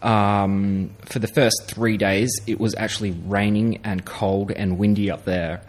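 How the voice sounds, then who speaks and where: A man's voice: on the low side, flat delivery, a little slow. A man telling a long fishing story in casual chat, laid-back and laughing through it. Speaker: guest angler.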